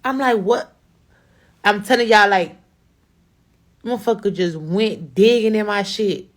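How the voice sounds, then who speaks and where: A young adult woman with a Chicago accent telling a blunt, profane, animated story in a casual storytime to camera. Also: medium pitch, a little slow. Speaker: rapper.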